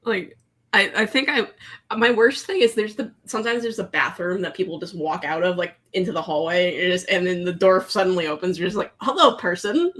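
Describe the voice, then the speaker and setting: A woman's voice: on the low side, a little fast, fairly bright tone. A woman from Canada chatting casually on a video call, rambling and trailing off between thoughts. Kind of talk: casual group chat on a call.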